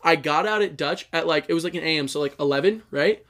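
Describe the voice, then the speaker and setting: A man on a casual podcast, chatting with his brother. His voice sits a little high for a man, and he winds through a long rambling story full of fillers and the odd curse word. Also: fast, a bit bright. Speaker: podcast co-host. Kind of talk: casual chat between brothers.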